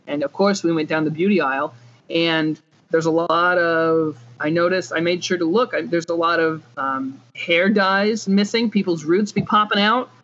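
A man with a notably high voice argues his side in a casual podcast chat, pressing his point again and again. The sound is dull and lo-fi. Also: moderate pace, fairly bright tone, slight background noise. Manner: insistent, argumentative. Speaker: podcast co-host.

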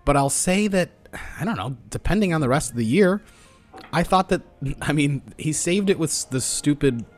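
A man co-hosting a podcast in casual chat, rambling and growing animated when he mimics his friends. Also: fairly high pitch, moderate pace, soft background music. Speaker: podcast co-host.

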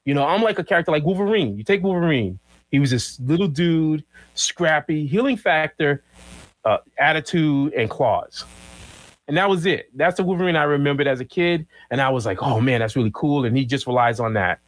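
A middle-aged man chatting as a podcast guest, telling stories with lively acted-out quotes and cries. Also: fairly high pitch, normal speed, rough recording. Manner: animated storyteller who acts out quotes and monster cries. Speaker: guest comic artist. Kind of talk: casual podcast chat.

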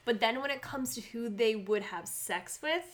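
A young woman co-hosting a casual chat, talkative, saying "like" a lot and laughing easily. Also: a little high. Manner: chatty, heavy use of "like", quick to laugh. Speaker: podcast co-host.

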